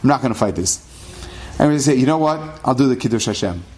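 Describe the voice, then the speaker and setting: A middle-aged rabbi telling a personal story in a lively way, sprinkling Hebrew terms into his English. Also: medium pitch, fast.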